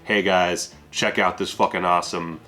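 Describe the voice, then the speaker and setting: A gushing, foul-mouthed film director with a put-on accent, as a deep-voiced man does a quick mock impression. The voice is low and the talk crude and excited. Faint music plays underneath. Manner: exaggerated accent, crude enthusiasm.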